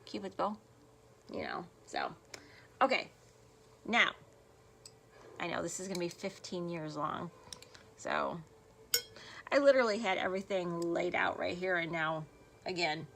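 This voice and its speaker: A woman's voice: lowish voice, big pitch swings, a little slow, long pauses, fairly bright tone, slight background noise. A woman beauty vlogger chatting casually through a makeup tutorial, rambling and self-deprecating, filmed on her phone at home. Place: home room, filming on a phone. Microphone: phone camera.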